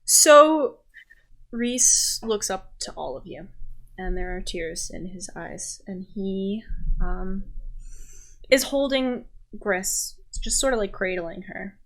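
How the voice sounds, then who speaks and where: A woman's voice: medium pitch, animated, rough recording. Woman game master, takes her time, hesitant narration with fillers. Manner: unhurried, hesitant, many fillers.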